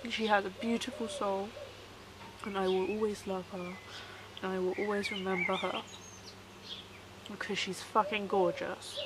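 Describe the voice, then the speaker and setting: A woman talking softly to camera in a personal vlog, halting and sorrowful, often repeating herself to stay calm. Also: medium pitch, heavy background noise. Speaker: vlogger.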